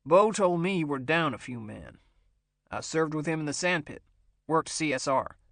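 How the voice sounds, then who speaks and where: A narrator voicing a controlled undercover agent who speaks in low, clipped lines. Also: expressive, moderate pace, dry recording, natural voice. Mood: terse.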